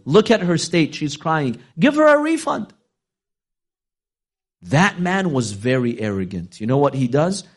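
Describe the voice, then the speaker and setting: Impassioned male preacher telling a story. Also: fairly bright tone. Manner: storytelling, voicing quoted figures, dramatic rises in pitch. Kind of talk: sermon.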